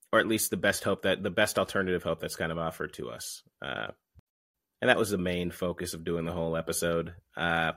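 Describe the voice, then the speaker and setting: A man's voice: deep voice, bright, forceful tone, no echo. A man hosting a comedy podcast, ranting bluntly with lots of swearing. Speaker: podcast host. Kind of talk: casual chat.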